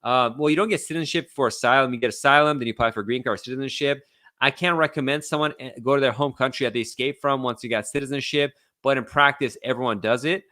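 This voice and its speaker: A man hosts a live question-and-answer stream as an immigration lawyer, reading out viewer questions and answering them casually and bluntly. His voice is bright and a little tense. The sound is dry and close, with no room echo. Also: medium pitch, quick pace.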